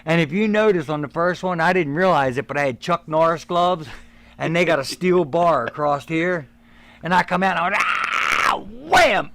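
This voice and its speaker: A man's voice: on the high side, fairly quick. A middle-aged man and former pro wrestler telling a backstage story in casual chat, acting out the voices of the people in it. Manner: animated storyteller who acts out the voices of others.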